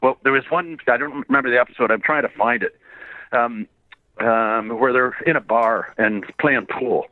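A man's voice: medium pitch, normal speed, no echo. A man from Canada, a voice actor guest, telling rambling anecdotes with frequent chuckles in a casual interview. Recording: tinny phone-like line, dry.

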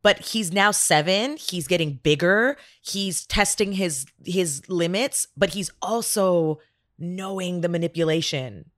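A woman's voice: unhurried, no room sound, clean studio sound. A woman in her thirties co-hosting a parenting podcast in casual chat, acting out dialogue with big swings in her voice. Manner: animated storyteller who acts out dialogue with big pitch swings. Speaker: podcast co-host.

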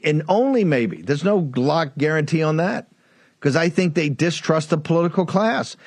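A combative man hosts a political talk show, pressing his case and repeating his points. His voice sits a little high for a man. The sound is dry and close, with no room echo. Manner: combative, repetitive, addresses listener as "brother". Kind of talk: political commentary monologue.

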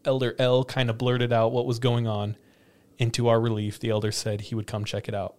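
A man tells a story to friends on a podcast, his voice sitting in a middle pitch. He laughs often and slips into the voices of the people in the tale. The talk is loose and casual. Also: brisk. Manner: animated, laughs often, acts out quoted lines. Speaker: podcast host telling a story.

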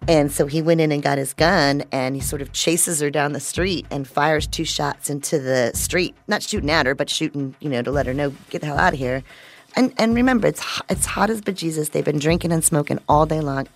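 A woman reporter narrating a radio story in a conversational, measured way. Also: sits low.

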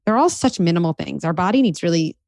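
A woman's voice: fairly low pitch, animated, quick pace, vocal fry, a little mellow, no room sound, studio quality. A woman psychologist as interview guest, explaining in a reassuring way with casual fillers. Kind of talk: conversational interview.

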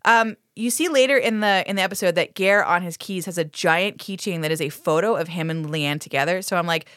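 A woman's voice: fairly low pitch, fairly quick, a bit bright, no room sound, studio quality. A woman co-hosting a podcast, recapping a TV episode in casual chat, laughing often, swearing, and acting out the characters' lines in funny voices. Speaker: podcast co-host.

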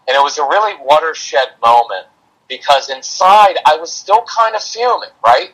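In a podcast interview, a middle-aged parenting coach tells a personal story, animatedly acting out lines spoken by himself and his son. His voice is a little high at a normal speed, and the recording is rough.

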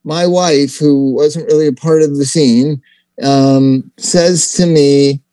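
A man's voice: on the high side, steady tone, slow, dark tone, no echo. A middle-aged man calling in to a casual chat, reminiscing in a wistful way and repeating himself. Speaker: guest caller.

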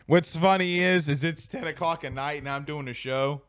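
A man's voice: on the high side, moderate pace, fairly bright tone, clear, resonant tone, no echo, clean studio sound. A young man hosting a late-night sports talk stream, reading viewer comments in a laid-back, slangy way and repeating his phrases. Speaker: sports show host. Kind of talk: casual live-stream chat reading comments. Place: at home at night.

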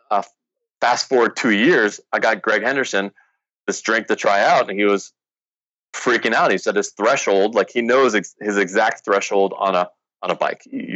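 A man's voice: fairly low pitch, fairly bright tone, no echo, muffled recording. A man telling the story of the company he founded in a casual interview, rambling and full of fillers. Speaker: founder of a sports drink company.

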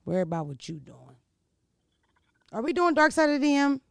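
Brash, gravelly woman. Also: sits high, fairly quick, dry recording, clean studio sound. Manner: brash, profane, animated storytelling. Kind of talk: casual storytelling chat.

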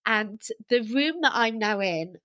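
A woman, a podcast guest and life coach telling her own story candidly over a video call, animated and self-deprecating. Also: a little high, measured pace, dry recording. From England.

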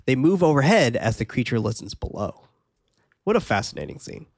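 A man's voice: medium pitch, sing-song, brisk, vocal fry, no room sound, clean studio sound. A man casually recapping a movie scene by scene on a podcast, laughing often and swearing freely. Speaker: podcast co-host recapping a film.

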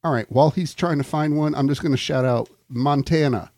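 A man co-hosting a podcast in casual chat, joking and teasing, quick to interrupt. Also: on the high side, darkish tone, no echo. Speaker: podcast co-host.

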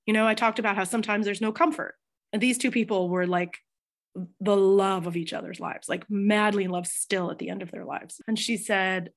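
A middle-aged woman, a hospice chaplain, telling stories in an interview with emphatic, animated delivery and frequent fillers. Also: mid-range voice, brisk. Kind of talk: conversational storytelling interview.

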